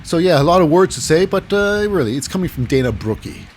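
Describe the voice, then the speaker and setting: A man's voice: fairly high pitch, lively intonation, fast, a little hiss or hum. A man casually recapping wrestling matches alone, rambling and sarcastic, often acting out what people said in silly voices. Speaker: wrestling show recap host. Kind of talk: casual solo recap commentary.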